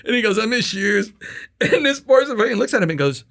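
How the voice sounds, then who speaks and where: Laughing, animated male podcast host. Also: extremely high pitch, rapid-fire, gravelly. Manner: animated, laughs through stories, swears casually. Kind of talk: casual storytelling interview.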